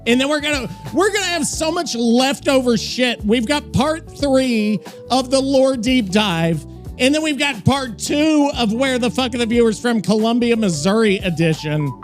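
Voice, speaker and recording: A man hosting a casual stream chat, excitable and quick to swear and laugh. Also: very high-pitched. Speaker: show host.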